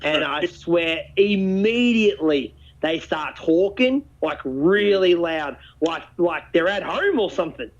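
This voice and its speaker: A man talks in a lively, animated storytelling way, swearing freely as he goes. His voice sits a little high for a man. The recording sounds dull and lo-fi. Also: unhurried, few pauses. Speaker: podcast host. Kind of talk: casual chat. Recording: dull lo-fi audio.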